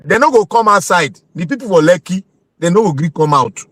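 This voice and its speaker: High, lively Nigerian Pidgin-speaking man. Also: a little fast, no room sound. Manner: insistent, laughs often. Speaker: panelist. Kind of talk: heated group discussion.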